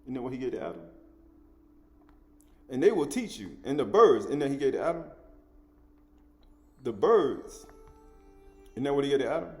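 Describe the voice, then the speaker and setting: Animated man preaching a sermon. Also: mid-range voice, normal speed, pauses often, faint music behind. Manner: animated, repeats and restates words, chuckles while teaching.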